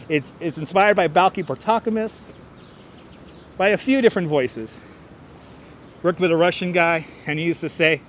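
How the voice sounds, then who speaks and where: A man's voice: high voice, normal speed, a bit bright. A chatty man hosting a casual live stream and reading out viewer comments as he walks outdoors through city streets, with a clip-on mic. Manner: chatty, reads out viewer comments, laughs often. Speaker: livestream host. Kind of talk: casual live-stream chat while walking. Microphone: wireless clip-on mic.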